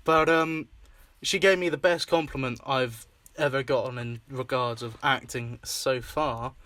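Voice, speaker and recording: A man's voice: medium pitch, steady tone, a little slow, fairly bright tone. A young Scottish man hosting a casual chat, rambling with fillers, swearing and laughing often. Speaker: podcast host and filmmaker.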